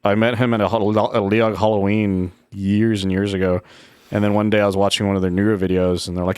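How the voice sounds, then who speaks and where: A man's voice: lowish voice, fairly even intonation, quick pace, clean tone, dry recording. A man in his thirties co-hosting a casual podcast chat, telling long rambling stories that restart and trail off. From Mexican-American. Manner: rambling, self-interrupting storytelling. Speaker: podcast co-host.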